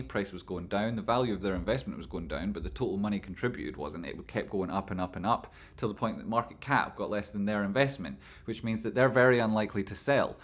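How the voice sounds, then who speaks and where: A man's voice: lowish voice, a bit bright. A man hosting a casual livestream, rambling and swearing freely as he answers viewers' chat. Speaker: livestream host reading chat.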